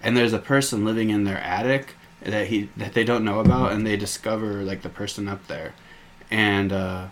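Animated profane podcast man, low voice. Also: normal speed, slight background noise. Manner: animated, profane storytelling with acted-out quotes. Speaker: podcast co-host. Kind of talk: casual chat.

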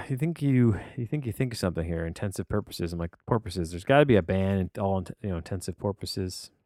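Rambling low-voiced man, dry close sound. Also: very animated, a little fast, mellow, no echo. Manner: rambling, many restarts and fillers, wry. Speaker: podcast host reviewing films. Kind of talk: casual rambling monologue.

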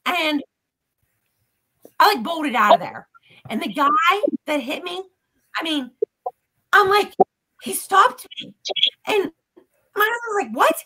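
A woman guest on a podcast, casually retelling a story in an animated, profane way. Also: very high voice, slow, long pauses, poor audio.

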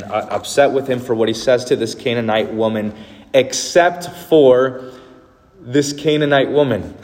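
A man's voice: medium pitch, a little mellow, in a large hall. A male pastor preaching a sermon in an earnest, emphatic way, driving points home with repetition.

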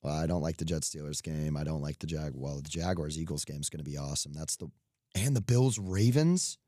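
A man's voice: rumbling low, a little fast, mellow, no echo, studio quality. A young man co-hosting a podcast, chatting casually about sports picks with loose, joking asides. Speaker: podcast co-host. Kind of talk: casual sports betting chat.

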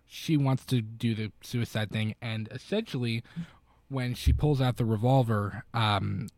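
This podcast co-host, a man, recounts a film in a relaxed, meandering style, often restarting and using lots of fillers. His voice is mid-range and darkish, he takes his time, and there's no echo.

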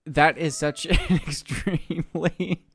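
A man's voice: fairly high pitch, fairly even intonation, slow, fairly bright tone, husky, dry recording. A man co-hosting a casual podcast, drunk, giggling and rambling. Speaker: podcast co-host. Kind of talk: casual chat.

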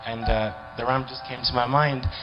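A young man gives his testimony in earnest at a church conference. Soft worship music plays clearly under his voice. The sound is dull and lo-fi. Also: medium pitch, fairly even intonation, moderate pace. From Nigeria. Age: young adult. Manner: earnest, heartfelt, building in intensity. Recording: lo-fi video with music behind.

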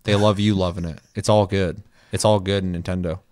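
A man's voice: sits low, a little fast. A man hosting a casual gaming podcast, swearing freely and slipping into joking voices for quoted lines. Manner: profane, animated, jokey voices for quotes. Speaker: podcast host.

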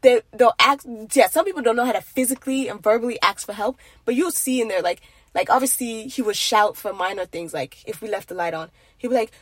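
A woman's voice: fairly high pitch, a little fast, husky, no echo. A young woman from Nigeria talking in an earnest, rambling way about faith and marriage. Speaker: faith vlogger. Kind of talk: casual faith monologue.

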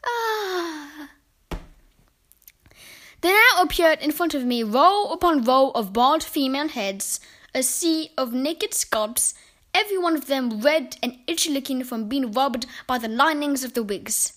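Woman storyteller, high voice, expressive, dramatic read-aloud. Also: normal speed. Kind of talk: reading a children's book aloud.

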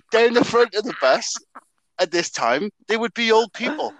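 A young Welsh man telling a story in casual chat, animated and swearing a lot. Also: high-pitched, measured pace, gravelly, no room sound, low-quality recording. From Wales.

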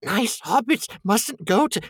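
A man's voice: high voice, lively intonation, a little slow, a bit bright, slightly rough, dry recording, clean studio sound, voice pushed up, heavily acted. A man reading aloud and voicing a wretched, tormented creature that hisses, whines and sobs. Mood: fearful whining. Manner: shrieking, sobbing, hissing.

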